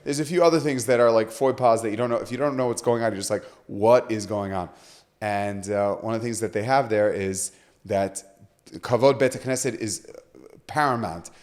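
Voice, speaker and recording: Animated man telling stories. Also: medium pitch, fairly quick. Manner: lively storyteller, acts out quoted voices. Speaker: rabbi, podcast guest. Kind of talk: animated storytelling in conversation.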